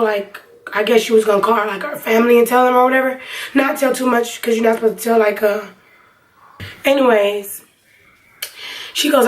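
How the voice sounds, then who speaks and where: A woman's voice: on the high side, brisk, recorded from a distance, low-quality recording. A young woman vlogger telling a personal story in a casual, rambling way with lots of fillers. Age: young adult. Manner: chatty, rambling, many fillers.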